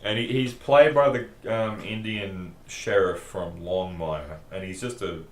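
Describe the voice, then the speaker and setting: A man's voice: deep voice, a little slow, a little hiss or hum. A young man chatting casually during a let's play, with dry, blunt banter. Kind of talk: casual gaming chat. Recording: echoey room.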